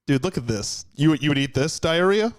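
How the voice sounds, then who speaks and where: A man's voice: fairly high pitch, animated, moderate pace, no echo. A man hosting a comedy podcast, joking crudely and animatedly as he riffs on a restaurant's dishes and reviews. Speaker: podcast host. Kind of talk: casual comedic banter.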